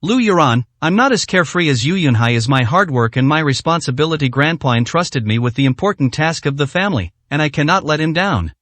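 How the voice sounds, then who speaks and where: A man's voice: fairly high pitch, animated, brisk, few pauses, a bit bright, no echo. A man reading the lines of a determined young businesswoman arguing with her mother in a storybook, in a defiant, disdainful manner. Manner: defiant, disdainful, evenly read.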